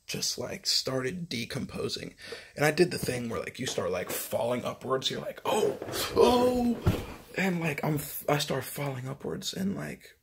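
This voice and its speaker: Gravelly-voiced man rambling through a story. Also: medium pitch, a bit bright, slight background noise. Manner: rambling, heavy swearing and filler words. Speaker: vlogger recounting a dream. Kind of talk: casual storytelling monologue.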